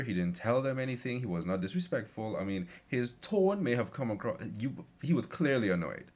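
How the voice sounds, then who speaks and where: A man's voice: sits low, darkish tone. A young man rambling through a casual story with lots of fillers. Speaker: vlogger.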